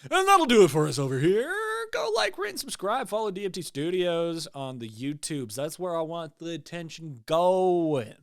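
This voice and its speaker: Man, podcast co-host, slightly high voice, smooth tone, loose swearing banter. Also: moderate pace, few pauses. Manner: animated, swears casually. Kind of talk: casual review chat.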